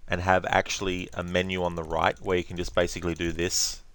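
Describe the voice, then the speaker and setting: A man's voice: deep voice, little pitch movement, a little fast, fairly bright tone, clear, resonant tone, no room sound. A man hosting a let's play, chatting casually over gameplay with rambling, laughing asides.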